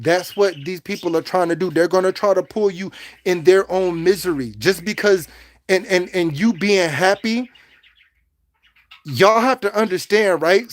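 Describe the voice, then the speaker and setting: High-voiced man preaching to his livestream chat. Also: no room sound. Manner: preachy, repetitive, addresses viewers directly. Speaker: livestream host. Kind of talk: casual livestream talk to chat.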